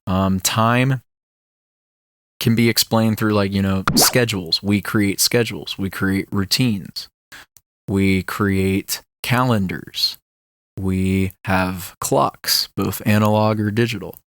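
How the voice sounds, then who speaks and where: Low-voiced man rambling on a podcast. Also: fairly even intonation, slow, a bit bright. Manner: rambling, filler-heavy, musing about ideas. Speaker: podcast host. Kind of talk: casual solo podcast talk.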